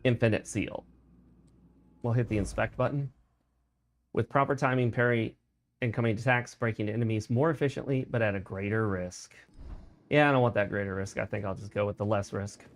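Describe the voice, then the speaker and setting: A man's voice: lowish voice, a little fast. Chatty male game streamer. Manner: chatty, opinionated, explains while playing. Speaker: gaming streamer. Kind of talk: casual let's-play commentary.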